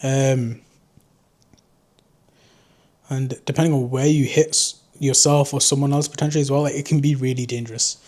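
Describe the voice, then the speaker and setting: A young man with a Geordie accent that slides toward southern English. He talks at an ordinary middle pitch in a loose, rambling, self-mocking way, chatting to his viewers indoors. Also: steady tone, moderate pace, pauses often, a little mellow. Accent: Geordie mixed with southern English. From North East England. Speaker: drone vlogger. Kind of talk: casual unscripted chat to camera.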